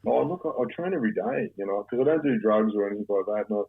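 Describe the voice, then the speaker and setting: Gravelly Australian man in his fifties. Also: lowish voice, expressive, very fast. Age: 50s. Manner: blunt, swears often, rambling with many restarts. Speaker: podcast guest. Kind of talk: casual conversation. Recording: tinny phone-like sound.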